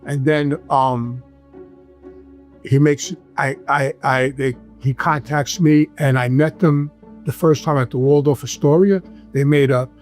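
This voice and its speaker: A man's voice: mid-range voice, steady tone, unhurried, a little mellow, faint music behind. A man with a New York accent, a guest telling rambling stories in casual talk, often stopping to ask "right?" and restarting his sentences. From Brooklyn, New York. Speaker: guest, former mobster. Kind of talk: casual storytelling.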